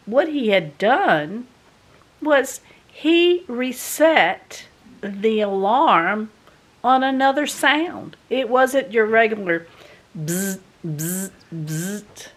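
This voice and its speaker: A woman tells a story to her viewers in an unhurried, chatty way. Her voice sits a bit high, and her folksy delivery turns lively as she acts out the tale. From American South. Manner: chatty, folksy, animated when retelling. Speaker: vlogger. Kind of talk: casual storytelling to camera. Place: home in a doublewide.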